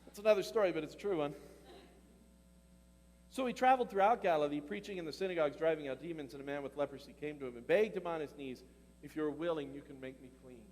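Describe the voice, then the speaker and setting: Male pastor, high voice, animated conversational sermon, long church-hall reverb. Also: fast talker. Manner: animated, conversational preaching with laughs and questions to the congregation.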